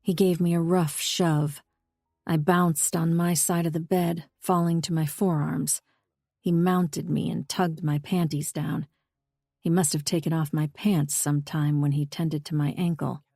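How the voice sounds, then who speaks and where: A woman reading a first-person audiobook novel in a steady, intimate way. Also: low voice, measured pace, gravelly, no room sound, clean studio sound. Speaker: audiobook narrator. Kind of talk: scripted first-person narration.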